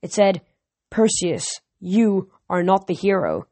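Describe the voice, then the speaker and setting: A woman's voice: on the low side, expressive, takes it slowly, dark tone, no room sound. A woman doing an earnest young mortal girl with visions. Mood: earnest apologetic. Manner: earnest and apologetic.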